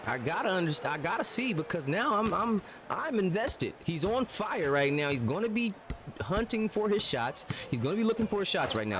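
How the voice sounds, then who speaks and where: A man giving live, chatty play-by-play commentary on a basketball video game, getting excited and joking as he calls the action. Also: mid-range voice. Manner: excitable, chatty, jokes and argues with the refs. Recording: loud game crowd noise behind.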